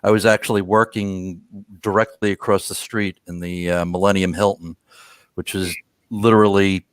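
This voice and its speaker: Smooth, dry-sounding low middle-aged man. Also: normal speed, no echo. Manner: calm, steady recollection with frequent brief assents. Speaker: co-host on a watch show. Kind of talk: casual live-stream chat.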